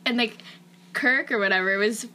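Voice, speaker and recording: A woman's voice: a little high, normal speed, sharp tone. A young woman hosting a podcast from her dorm room, chatting and laughing with friends, filling her speech with "like". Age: young adult. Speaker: podcast host. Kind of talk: casual chat.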